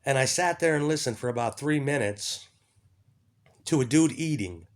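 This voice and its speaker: A man's voice: medium pitch, expressive, normal speed. Rambling, profane man. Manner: profane, rambling, swings from mumbling to shouting. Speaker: vlogger. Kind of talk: rambling monologue.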